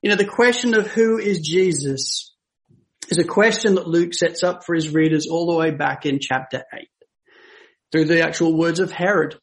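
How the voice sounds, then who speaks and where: A man preaching a sermon, moving from hushed storytelling to emphatic, raised scripture quotations. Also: fairly high pitch, normal speed. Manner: dramatic, swings from hushed to emphatic when quoting scripture.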